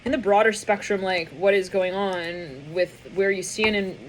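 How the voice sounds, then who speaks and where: A woman's voice: mid-range voice, measured pace, noisy background. Chatty woman giving a rambling tarot reading. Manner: rambling, acts out imagined people; laughs often, frequent filler words. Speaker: tarot reader.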